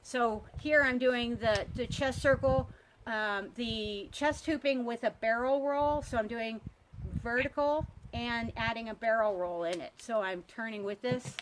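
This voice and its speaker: A cheerful woman instructor talks students through hula hoop moves outdoors beside a pond. Her voice sits a touch high, and she chats in an encouraging way. A faint background hiss runs under her voice. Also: a little slow. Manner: upbeat, chatty, encouraging. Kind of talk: live online workshop teaching.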